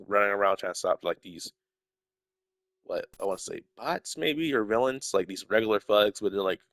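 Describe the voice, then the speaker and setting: A young man with a lowish voice rambles on in a loose, casual chat, swearing freely and sometimes sinking into a mumble. He sounds a little sick, with a stuffy nose. The recording is dry, with no room sound. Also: a bit bright, dry recording. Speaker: YouTuber.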